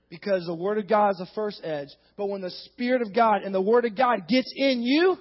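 High-voiced preaching man in a hall. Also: a little fast, few pauses. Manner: emphatic preaching, rising to shouts. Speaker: pastor. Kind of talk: sermon. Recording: dull, long-reverb hall sound.

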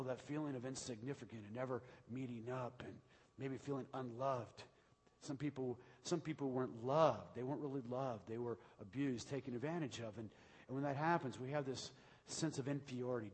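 A man preaching a sermon as pastor, going from hushed talk to shouted preaching in a large church. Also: mid-range voice, slightly rough. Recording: long hall reverb.

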